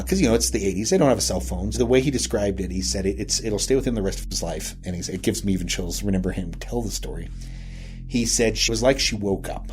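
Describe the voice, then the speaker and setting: A man with a fairly low voice recounts an eerie local tale in a loose, conversational way. He rambles and keeps circling back with "he said" and "you know" as he pieces the story together. Soft music sits faintly underneath. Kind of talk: casual spoken storytelling.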